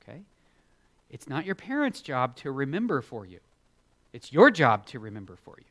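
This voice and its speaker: A man giving a children's sermon, animated and expressive, acting out Bible characters in playful voices. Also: medium pitch, moderate pace. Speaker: children's preacher.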